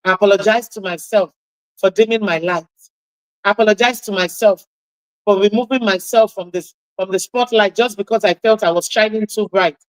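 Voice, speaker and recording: A woman with a husky voice hosting a radio talk show, giving an impassioned motivational talk and repeating key phrases for emphasis. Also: medium pitch, moderate pace, no room sound, poor audio.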